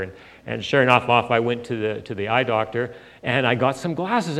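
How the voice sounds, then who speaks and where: A man's voice: medium pitch, moderate pace, fairly bright tone. A man preaching a sermon in a conversational, storytelling way, with frequent fillers. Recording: long hall reverb.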